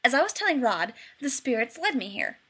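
A woman reading a story and voicing an excitable young man who poses as a psychic, full of exuberant wisecracks. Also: very high voice, fairly quick, slightly rough, exaggerated voice. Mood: giddy.

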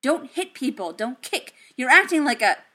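A woman voicing a stressed adult man who scolds sharply and then turns soft and reassuring. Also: a little high, takes it slowly. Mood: scolding. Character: stressed adult man, exasperated but caring.

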